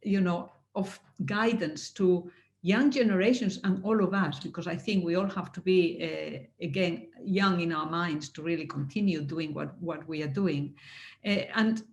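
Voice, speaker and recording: Woman, heartfelt closing remarks, halting restarts, emotional, roomy echo. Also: lowish voice, highs cut off. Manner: earnest, halting, with many restarts; emotional, laughing softly. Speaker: speaker at a network anniversary.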